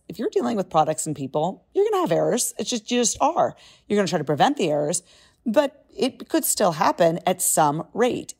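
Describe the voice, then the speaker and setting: A middle-aged woman talks through a book summary in a casual, emphatic way. Her voice sits on the low side, and she breaks into animated asides.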